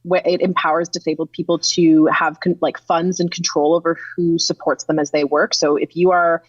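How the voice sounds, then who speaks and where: A woman from Canada speaking on a panel, earnest and explanatory, with halting restarts. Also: low-pitched, little pitch movement, husky, no room sound. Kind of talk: panel discussion. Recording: slightly muffled dry recording.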